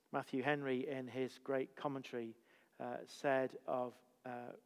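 A man's voice: mid-range voice, flat delivery, slow, clean tone, big-room sound. A man preaching a sermon as pastor, emphatic and full of rhetorical questions.

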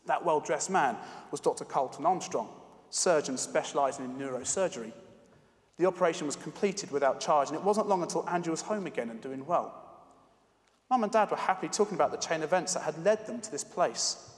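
A man preacher with a somewhat high voice tells a story as part of his sermon, measured and expressive. His voice rings with a long hall reverb.

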